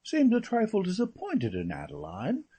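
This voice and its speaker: A man reading aloud as a chatty, flippant young English gentleman who rambles through gossip. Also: high voice, wildly swooping pitch, moderate pace, breathy edge, voice pushed up, full character voice. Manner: rambling, breezy, full of slangy asides.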